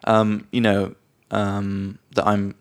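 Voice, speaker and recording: A man's voice: lowish voice, completely flat delivery, takes it slowly. A man co-hosting a podcast, telling stories in a loose, chatty way with lots of fillers. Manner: chatty storyteller, many fillers, acts out quoted lines. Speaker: podcast co-host. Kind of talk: casual chat.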